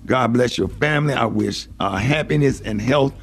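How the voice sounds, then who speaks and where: Man hosting radio with soft music. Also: medium pitch, vocal fry. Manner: heartfelt, halting, with many fillers. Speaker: radio host and comedian. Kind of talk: radio show talk.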